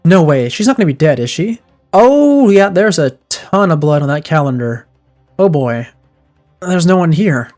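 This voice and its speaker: A man streaming a video game, with excitable reactions while he comments and reads the dialogue aloud. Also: on the high side, normal speed, soft background music. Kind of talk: let's-play commentary, reading dialogue aloud.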